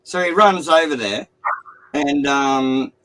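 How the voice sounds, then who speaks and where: A man's voice: a little high, slow pace, fairly bright tone, a little hiss or hum, rough recording. A man, a streamer telling a long crude joke in casual chat, swearing constantly and rambling. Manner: profane, rambling storyteller.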